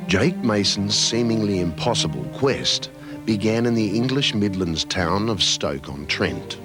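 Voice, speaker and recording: A male narrator reads a documentary script in a measured, solemn way. His voice is very deep and unhurried, with wide rises and falls in pitch, and music runs clearly underneath. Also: expressive. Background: background music.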